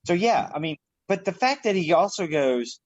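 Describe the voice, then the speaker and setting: Lively, husky man making his point. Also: sits high, normal speed, no echo, highs cut off. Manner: explanatory, makes everyday analogies. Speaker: podcast co-host. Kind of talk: casual movie discussion. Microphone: home mic on a video call.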